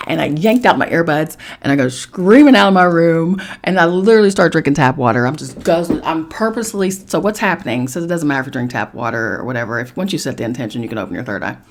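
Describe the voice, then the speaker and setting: A woman hosting a podcast, telling a personal story in a casual, animated way and swearing freely. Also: sits low. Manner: animated, swearing, acts out voices of others. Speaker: podcast host.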